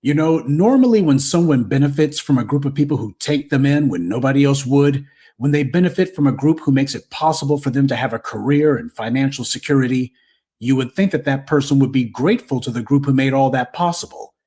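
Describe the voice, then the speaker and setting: Man, Southern American accent, husky tone, middle pitch, indignant commentary monologue. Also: a little fast, dark tone. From United States. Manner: indignant, scornful ranting. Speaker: commentary show host.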